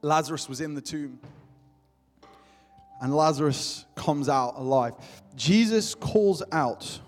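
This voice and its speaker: A young man preaching with fervor, his somewhat high voice ringing through a church hall with a long reverb. Soft music plays underneath as he repeats his calls to the congregation. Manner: impassioned, repetitive calls to the congregation. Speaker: pastor. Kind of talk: sermon.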